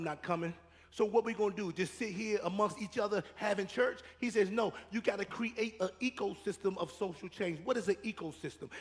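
Preacher guy, high gravelly voice, church reverb. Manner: preaching with rising and falling intensity, repeating phrases. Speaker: pastor. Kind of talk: sermon. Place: church sanctuary.

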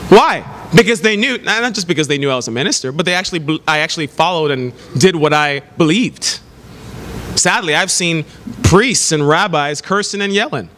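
A male pastor preaches with a high, bright voice that leaps around in pitch as he tells animated stories. His voice rings out with a long hall reverb, and faint noise sits underneath. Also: a little fast. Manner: animated storytelling with laughs and exclamations. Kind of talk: sermon.

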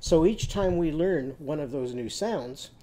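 A man with a fairly high voice leads a children's phonics lesson. He talks slowly and patiently, drawing out each syllable and cheering the listener on to say it first. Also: animated, warm tone. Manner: slow, encouraging, sounding out syllables. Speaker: teacher.

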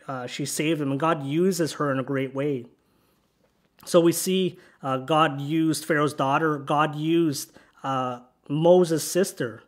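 A pastor preaching a sermon in a church sanctuary, reading scripture aloud in an earnest preaching manner. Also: male voice, a little high.

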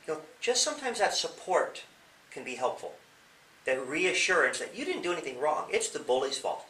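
A man's voice: on the high side, big pitch swings, a little fast, bright, forceful tone, slight background noise. A man who is a police officer, giving young people advice in an interview. He explains with questions and acts out examples. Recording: echoey room, mic at a distance.

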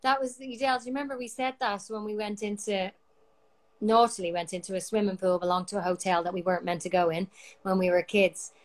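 A woman's voice: mid-range voice, fairly even intonation, brisk. Playful Irish woman on a livestream. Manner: playful, reads viewer questions. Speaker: band member. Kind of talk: casual chat on a livestream.

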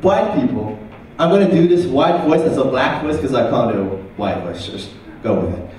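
A young man performing a stand-up comedy set at a university comedy night, animated and quick to jump into loud put-on voices. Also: mid-range voice, a little hiss or hum. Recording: roomy hall, mic heard from a distance.

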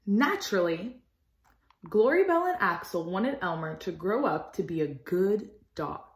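Slow, expressive storytime teacher, roomy sound. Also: female voice, on the low side. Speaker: teacher reading a story aloud. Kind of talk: storytime read-aloud. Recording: roomy echo.

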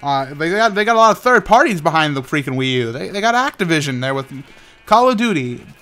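A man's voice: fairly high pitch, very animated, brisk, sharp tone. Stammering young man chatting over Minecraft. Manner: rambling, frequent stammered restarts; playful sound effects. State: tired. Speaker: gaming video host. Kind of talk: casual talk while playing Minecraft.

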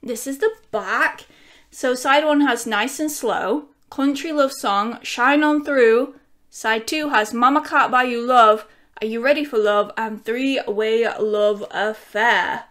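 At home, a vinyl-collecting YouTuber with a fairly high voice films a casual unboxing vlog. She speaks in an unhurried, drawn-out way, gushing with excitement and chatting to her dog between thoughts.

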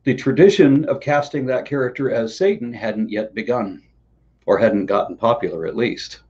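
A man's voice: medium pitch, normal speed, a little mellow, muffled recording. A man hosting a casual interview, telling stories and asking questions with a rambling way of talking that stumbles over repeated words. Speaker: host.

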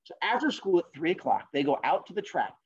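A male teacher telling fables to an online class, jokey and animated, with sarcastic asides, in a dull lo-fi recording. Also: sits high, fast, breathy edge. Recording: dull lo-fi sound.

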